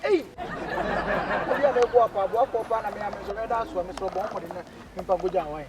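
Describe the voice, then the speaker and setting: A man with a Ghanaian accent playing a lovesick young man pleading with his girlfriend, stammering out excited exclamations. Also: high-pitched, fast talker, a loud crowd, lightly acted. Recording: distant mic, loud street noise.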